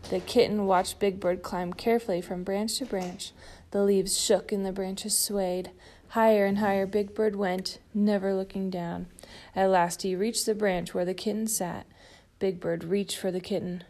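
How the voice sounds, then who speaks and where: A woman narrating a children's storybook in a gentle, steady way. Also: mid-range voice, normal speed. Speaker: storybook reader.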